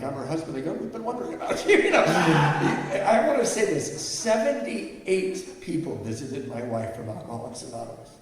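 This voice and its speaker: A middle-aged man speaking as a guest at a recovery meeting, telling a personal story in a candid, self-deprecating way. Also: on the high side. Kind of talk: personal story told to an audience. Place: large hall with an audience. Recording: echoey hall, mic heard from far off.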